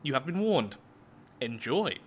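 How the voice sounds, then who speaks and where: A man's voice: mid-range voice, big pitch swings, measured pace, a little hiss or hum. A man commenting casually on his own gameplay as he builds, thinking aloud in a chatty, self-mocking way. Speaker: let's play gameplay host.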